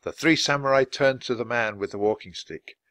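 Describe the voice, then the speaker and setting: A man's voice: medium pitch, normal speed, fairly bright tone, dry recording, clean studio sound. A man reading a children's chapter book aloud at a natural pace for language learners. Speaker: storybook reader. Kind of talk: audiobook narration for language learners.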